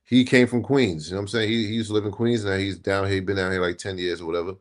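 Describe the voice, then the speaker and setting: A man's voice: deep voice, steady tone, fast talker. A man co-hosting a podcast, talking in a laid-back, slangy way. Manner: laid-back, slangy, sprinkles in "you know what I'm saying". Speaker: podcast co-host. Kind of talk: casual chat.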